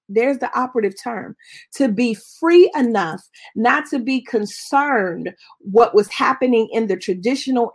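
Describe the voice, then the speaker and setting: A woman minister sharing a personal testimony in an expressive, storytelling way. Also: a little high.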